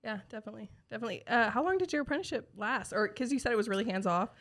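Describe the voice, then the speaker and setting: A woman co-hosting a casual podcast, asking eager questions and reacting quickly. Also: a little high, a bit bright. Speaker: podcast co-host.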